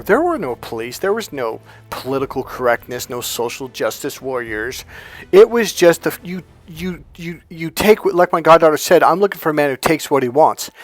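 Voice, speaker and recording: A man working as a dating coach, delivering a motivational monologue through emphatic, profanity-laced storytelling. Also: on the high side.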